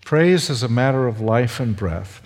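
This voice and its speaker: A man, a seminary professor, giving a sermon testimony in a slow, halting way with fillers and restarts. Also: mid-range voice, expressive, a little mellow. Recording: long hall reverb.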